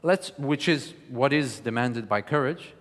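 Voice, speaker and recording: A man lecturing and coaching verse declamation, animated and encouraging, with frequent hesitation fillers. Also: mid-range voice, unhurried, long reverb tail. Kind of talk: teaching lecture with spoken demonstrations.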